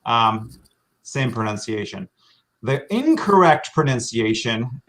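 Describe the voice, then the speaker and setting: An American man talks through slides like a tour guide on a live stream. His pitch sits in the middle, and he fills his pauses with ums and uhs. He sounds easygoing and friendly, heard through a computer mic. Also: a bit bright. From Washington State, US. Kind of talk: casual presentation over slides.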